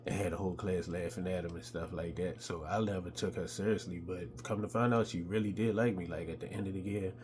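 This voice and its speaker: A middle-aged man telling stories from his childhood in a laid-back, casual way, with a high voice when he quotes other people. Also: fairly even intonation, a little fast, hardly any pauses, darkish tone. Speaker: podcast host telling stories. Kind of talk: casual storytelling.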